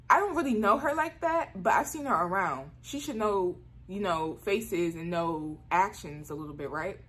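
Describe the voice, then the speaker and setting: Woman, casual storytime vlog, chatty, filler-heavy, mid-range voice. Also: slight background noise. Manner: animated, leaps to high squeals when exclaiming; frequent "like" fillers.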